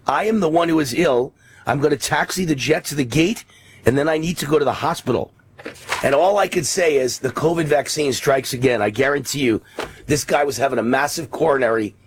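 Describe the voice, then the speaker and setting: A man's voice: on the high side, slight background noise, rough recording. A middle-aged man with a New York accent, a talk radio host delivering a fiery, emphatic monologue. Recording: music bed underneath.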